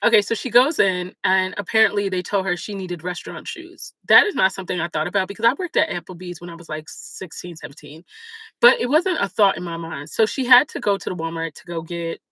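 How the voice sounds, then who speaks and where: A woman chats straight to her viewers as a livestream host, spinning a story with lots of fillers and lively asides. Her voice is bright and forceful. The sound is close and dry, with no room around it. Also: mid-range voice, no echo, rough recording. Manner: chatty, animated, many fillers. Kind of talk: casual storytelling chat.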